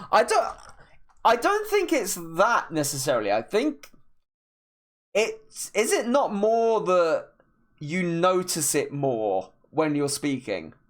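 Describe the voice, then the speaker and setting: A male art streamer chats as he paints, talking slowly with deliberate pauses between thoughts. He rambles a bit, with plenty of restarts mid-sentence. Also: a little high. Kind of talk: casual chat while painting on stream.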